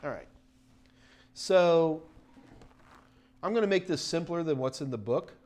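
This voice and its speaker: Chatty middle-aged man, fairly high voice. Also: measured pace. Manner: rambling and chatty, full of fillers and restarts, bursts of excited enthusiasm. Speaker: host of a live Q&A stream. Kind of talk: casual live-stream Q&A chat.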